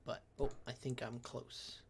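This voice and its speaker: A man's voice: mid-range voice, flat delivery, unhurried, gravelly, slight background noise. A man hosting a game playthrough in casual chat, slipping into whispered asides. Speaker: let's play host.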